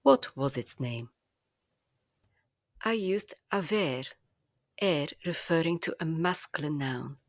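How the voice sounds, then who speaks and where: Slow, low-voiced woman teaching. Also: animated, no echo, clean studio sound. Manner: slow, careful, clearly enunciated teaching delivery. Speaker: language teacher. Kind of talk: scripted language lesson narration.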